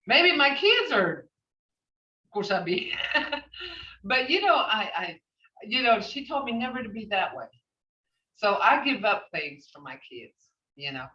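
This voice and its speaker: A woman's voice: lowish voice, pushed and bright. An older woman teaching a language class who tells stories and uses many "you know" fillers. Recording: echoey, distant, dull recording.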